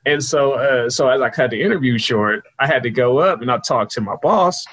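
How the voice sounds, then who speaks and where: A man being interviewed as a guest, telling casual stories and acting out the people he quotes in a higher, louder voice. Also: brisk, rough recording. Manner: animated storyteller, jumps higher and louder when quoting people. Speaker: guest, sports PR consultant.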